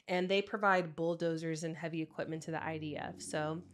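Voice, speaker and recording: A woman co-hosting a podcast in casual chat, upbeat as she reads out news items and reacts quickly. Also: low voice, fairly even intonation, slight background noise. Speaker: podcast co-host.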